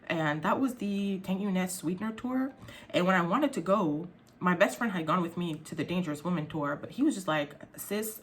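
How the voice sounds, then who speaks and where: Young woman YouTuber, frank and sensitive, swears freely, slightly low voice, casual vlog delivery. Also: lively intonation, fairly quick. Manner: candid, heavy swearing, frequent fillers; emotional, sensitive.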